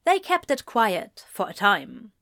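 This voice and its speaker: Woman reading a story out loud, slow and steady, middle pitch. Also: gravelly, music in the background. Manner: measured, unhurried reading. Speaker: narrator. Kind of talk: audiobook-style story reading.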